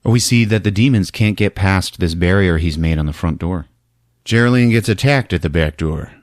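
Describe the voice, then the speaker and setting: A man hosting a podcast, casually recapping a film in an animated way, laughing often and acting out the lines. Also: low-pitched, moderate pace. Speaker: podcast host.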